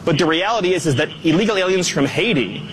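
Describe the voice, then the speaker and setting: Fast, high-voiced man giving firm talking points. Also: expressive, background noise. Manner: firm, emphatic, rapid-fire. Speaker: government official interviewed on air. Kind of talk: clipped political talking points.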